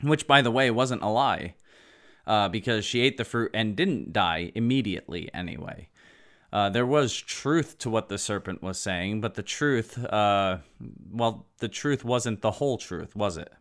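A man preaching a sermon, earnest and emphatic, with halting asides. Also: fairly low pitch, lively intonation, fairly bright tone.

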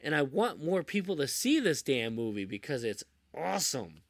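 A man hosts a casual podcast, gushing about old movies with an animated, swooping voice. He rambles and restarts his sentences often. The sound is dry and close. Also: on the high side, normal speed, dry recording. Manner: enthusiastic and rambling, with many restarts. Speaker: podcast host.

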